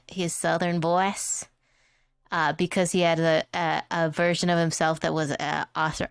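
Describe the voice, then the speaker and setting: A woman's voice: fairly low pitch, smooth, no room sound. A woman streamer chatting casually and playfully while drawing, rambling from one joke to the next and laughing often. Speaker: vtuber streamer.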